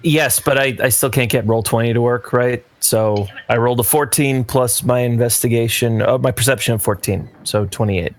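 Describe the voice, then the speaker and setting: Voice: medium pitch, moderate pace, few pauses. A player in a tabletop game, flustered and self-deprecating while reporting dice rolls.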